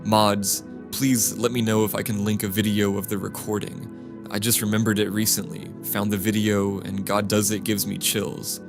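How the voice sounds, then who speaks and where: A man reading first-person stories aloud as scripted narration, in a steady, flat reading manner. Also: lowish voice, normal speed, gravelly. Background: music.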